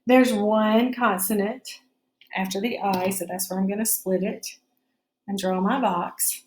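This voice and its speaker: A woman's voice: medium pitch, fairly even intonation, a little slow, reverberant, slight background noise. A woman teaching a phonics spelling lesson, explaining each step patiently.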